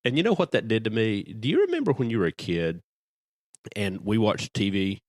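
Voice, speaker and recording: A middle-aged man with a fairly low voice chats casually as a podcast co-host. His delivery is wry and teasing, and the recording is dry and close. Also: big pitch swings, a little fast, dry recording. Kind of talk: casual chat.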